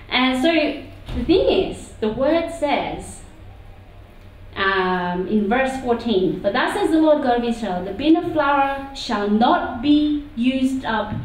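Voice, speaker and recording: A woman preacher giving a sermon in a church meeting room, talking in an animated, conversational way with asides. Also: high voice, slow. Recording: echoey hall from far off.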